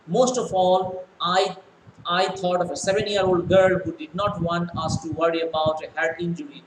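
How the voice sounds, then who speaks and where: A man's voice: sits high, steady tone, normal speed. A male teacher reading a story aloud and explaining it line by line, with many fillers. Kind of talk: explaining a textbook lesson. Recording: echoey room, faint noise.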